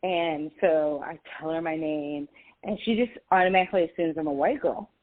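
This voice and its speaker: Guest, woman in her 40s, Valley girl sound, lively raconteur, tinny phone-line audio. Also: low voice, brisk. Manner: animated, laughing storyteller with a Valley girl way of talking. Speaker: podcast guest. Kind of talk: storytelling in a casual interview.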